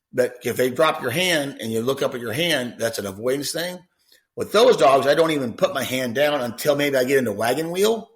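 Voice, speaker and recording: A man's voice: mid-range voice, fairly bright tone. A man who trains retriever dogs, answering listener questions in a rambling, conversational way with many repeated words. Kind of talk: podcast Q&A answer.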